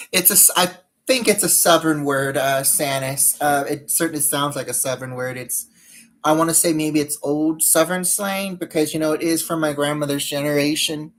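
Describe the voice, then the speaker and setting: A woman's voice: deep voice, normal speed. A woman chatting casually on a live stream while doing her makeup, rambling and greeting viewers by name.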